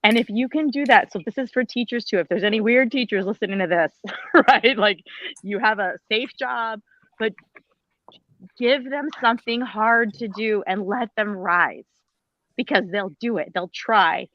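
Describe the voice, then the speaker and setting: A woman's voice: a little high, moderate pace, dry recording, muffled recording. A woman, a former teacher, speaking on a panel in an emphatic, pleading, blunt way with some mild swearing. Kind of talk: impassioned panel talk.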